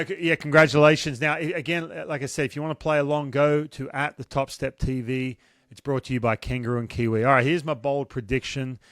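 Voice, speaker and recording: A middle-aged man from Australia with an Australian accent, hosting a casual sports chat in a joking, animated way. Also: mid-range voice, no echo, studio quality. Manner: joking, animated, self-deprecating. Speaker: podcast host.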